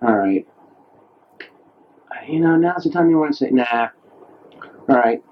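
A man talking late at night into his own audio diary, musing and self-mocking, pausing and leaning on certain words as he speaks to an imagined radio audience. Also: mid-range voice, expressive. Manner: musing and wry, pauses and leans on certain words. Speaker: maker of a personal audio diary tape. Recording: dull lo-fi cassette tape recording.

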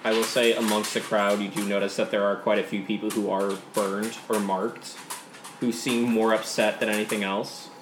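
A man's voice: lowish voice, level tone, moderate pace. A man narrating a tabletop game as game master, hesitant and full of fillers. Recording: roomy, background noise.

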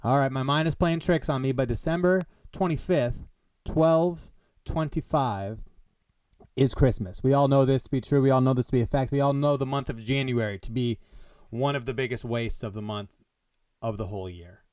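Rambling, joking man with a clear, dry voice. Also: mid-range voice, steady tone, brisk, a little mellow, no echo. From American Midwest. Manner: joking, rambling, mock-grandiose. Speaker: podcast host. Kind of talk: solo comedy podcast rambling. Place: Des Moines. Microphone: headphones on, home podcast mic.

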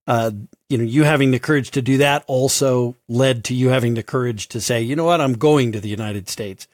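A male podcast host responds to his guest in a middle-pitched voice. He talks with halting fillers. The sound is close and dry. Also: no room sound. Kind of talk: interview.

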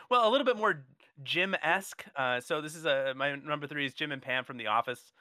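This is a man reminiscing in casual podcast chat, rambling with frequent fillers. His tone is bright. The sound is dry, with no room echo. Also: on the high side, expressive, moderate pace. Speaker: podcast co-host.

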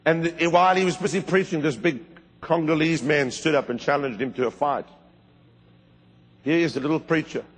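A middle-aged male preacher delivering a fervent sermon, his voice set a little high and somewhat husky. He tells stories with sudden leaps upward in pitch and volume. The sound rings with the long reverb of a large church hall. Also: normal speed.

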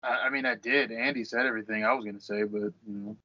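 A man's voice: lowish voice, fairly even intonation, fast talker, dull audio, very noisy. A man guesting on a podcast, chatting casually and joking in a laid-back way. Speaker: guest co-host.

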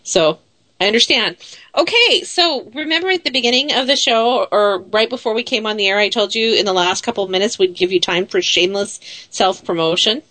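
A woman's voice: mid-range voice, brisk, sharp tone. A woman hosting a radio show, chatting in a friendly, casual way.

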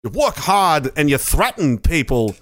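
A man doing an impression of an unsettling male movie star, speaking slowly, with odd pauses and a quietly threatening tone. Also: on the high side, sing-song, no echo, clean studio sound. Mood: eerie menace. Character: eerie, halting male movie star, calmly menacing.

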